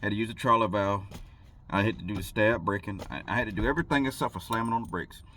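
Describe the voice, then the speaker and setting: A man's voice: fairly low pitch, fast talker, bright, forceful tone, slight background noise. A man, a truck driver, telling a story in a rambling, casual way and laughing between thoughts.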